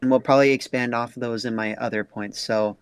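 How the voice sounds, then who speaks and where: A man's voice: medium pitch, steady tone, quick pace, clean tone, no echo. A young man hosting a casual podcast, asking loose questions with lots of fillers. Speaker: podcast host.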